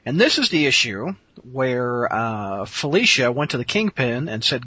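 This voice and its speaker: A man hosting a casual chat podcast, his voice bright and slightly husky. He talks with a lively, swinging pitch and drops in frequent uhs. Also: measured pace, no echo, dull audio. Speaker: podcast host.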